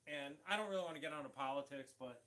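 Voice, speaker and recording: Man, middle-aged, casual livestream host, rambling, restarts a lot, bright forceful tone. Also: a little high, fast, slight background noise. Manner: rambling, chatty, frequent restarts.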